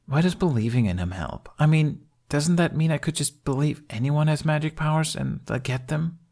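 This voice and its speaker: A man's voice: on the high side, normal speed, gravelly, a little mellow, voice pushed up. A man reading fan fiction aloud, voicing a sly young girl who drawls in an offhand way. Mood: nonchalant.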